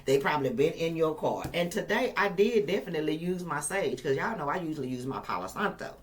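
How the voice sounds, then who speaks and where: A woman's voice: sits low, expressive, fast, a little hiss or hum. A woman doing a casual tarot reading for her viewers, emphatic and profane, repeating lines for effect and laughing now and then. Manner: emphatic, repetitive, profane and playful. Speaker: tarot reader.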